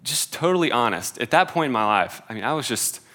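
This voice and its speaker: A man's voice: medium pitch, expressive, a little fast, bright, forceful tone. A man in his twenties preaching a sermon in a casual, conversational way, with many filler "like"s and self-deprecating humor. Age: 20s.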